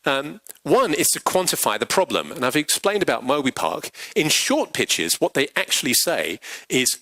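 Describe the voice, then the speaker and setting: A man giving a pitch coaching workshop, animated and acting out example quotes. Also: moderate pace, no room sound, poor audio. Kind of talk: workshop talk. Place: large workshop venue.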